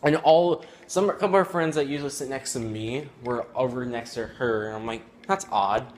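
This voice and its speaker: A teenage boy telling a personal story at home, rambling and halting with many fillers. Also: mid-range voice, fairly even intonation, darkish tone. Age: teens. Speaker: student vlogger. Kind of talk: casual storytelling.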